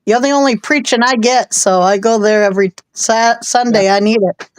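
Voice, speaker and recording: A woman's voice: a little high, steady tone, moderate pace, no echo, low-quality recording. A woman chatting casually on a live stream, joking bluntly and laughing often. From Italian-American. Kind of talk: casual chat.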